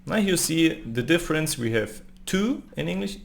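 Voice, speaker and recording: A man teaching a language lesson, reading phrases slowly and repeating them, often adding a questioning "no?". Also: a little high, lively intonation, gravelly. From Germany. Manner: slow, repeated pronunciation drills with tag questions.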